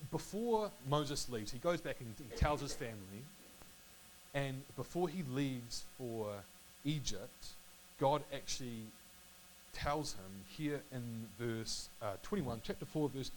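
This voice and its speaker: A man's voice: medium pitch, rough recording. A man casually reading and reflecting on Bible passages, stumbling over words and correcting himself as he goes. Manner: halting, self-correcting, apologetic. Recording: faint electrical hum and hiss.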